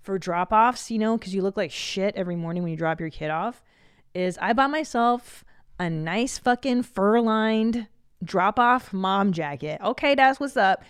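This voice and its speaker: A woman's voice: mid-range voice, expressive, moderate pace, clear, resonant tone, dry recording, studio quality. Profane, chatty woman in her forties. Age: 40s. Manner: profane, chatty, laughs often. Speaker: podcast host. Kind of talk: casual comedic monologue.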